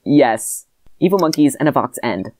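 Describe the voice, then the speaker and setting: A woman with an unusually deep voice reads her childhood adventure story aloud in a flat, dry delivery. She keeps breaking into laughter between lines. The sound is close and dry. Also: moderate pace, dry recording. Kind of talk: comedic read-aloud of old writing.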